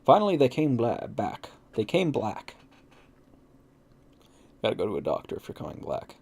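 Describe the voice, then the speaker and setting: A man's voice: lowish voice, wildly swooping pitch, moderate pace, creaky, darkish tone, breathy edge. A man hosting a casual let's play, reading a visual novel aloud and swearing at his own slips with wry asides. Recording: faint game music behind.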